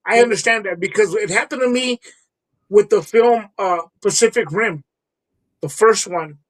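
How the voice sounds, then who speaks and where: A man's voice: high voice, normal speed, low-quality recording. A man co-hosting a casual movie podcast, stammering and restarting his sentences and laughing easily. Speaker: podcast co-host.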